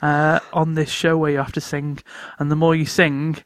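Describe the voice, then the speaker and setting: A man co-hosting a podcast, telling animated stories in casual chat and laughing often. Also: fairly high pitch, moderate pace, no echo. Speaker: podcast co-host.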